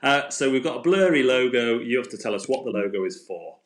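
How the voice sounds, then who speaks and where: A man's voice: medium pitch, expressive, brisk. A man hosting a casual live-stream quiz from home on a phone, chatty and playful, laughing often. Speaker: quiz host.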